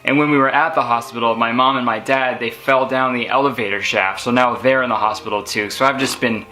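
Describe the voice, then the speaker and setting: A man's voice: medium pitch, steady tone, brisk, pushed and bright, natural voice, poor audio. A man playing a flustered young man who stammers out rambling excuses in a comedy skit.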